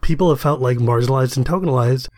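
A young man from the United States chatting casually with friends. He talks in an animated way, laughs a lot and jumps high in pitch when worked up. His mid-range voice sits close and dry on the mic. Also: quick pace, no echo. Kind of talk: casual chat.

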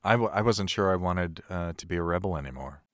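A man's voice: deep voice, quick pace, no room sound. A man co-hosting a podcast, talking casually about a film with wry, dry humor. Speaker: podcast co-host.

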